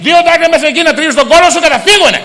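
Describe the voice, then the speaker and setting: A woman's voice: high-pitched, rapid-fire, sharp tone, a little hiss or hum, pitched above the performer's own voice. A comedian voicing his Greek grandmother in her nineties, fussy and commanding, with a Greek accent. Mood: insistent.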